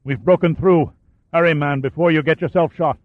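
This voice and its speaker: A worn-out Welsh digger voiced by a man bellows hoarsely up a shaft, his voice pushed high. The sound is thin and phone-like, with no room at all. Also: fairly quick, no room sound, natural voice. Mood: exhausted. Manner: shouting up from below, hoarse.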